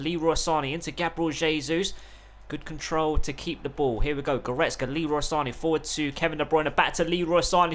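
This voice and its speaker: A young man giving live play-by-play commentary on a football video game, swinging between calm narration and loud, excited outbursts. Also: a little high. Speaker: gaming YouTuber.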